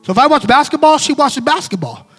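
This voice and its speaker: Man preacher, high pitch, lively casual storytelling, soft music underneath. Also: fast. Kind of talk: storytelling devotional talk.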